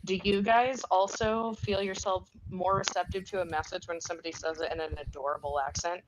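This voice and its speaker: A woman from the Southern United States with a softened Southern accent, chatting frankly and laughing easily as a podcast co-host. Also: fairly low pitch, fairly even intonation, a little fast, noisy background. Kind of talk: casual chat.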